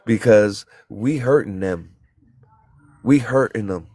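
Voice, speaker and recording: A man's voice: on the low side, a little slow, no echo, studio quality. A man in a heated group talk, preaching and telling stories with acted-out quotes and some cussing. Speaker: panelist. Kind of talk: impassioned group discussion.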